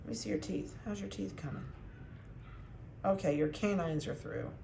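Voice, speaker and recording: A woman's voice: medium pitch, lively intonation, moderate pace, vocal fry, dark tone, reverberant, slight background noise. A woman dog breeder talking casually through a video update, chatty and cooing to the puppies.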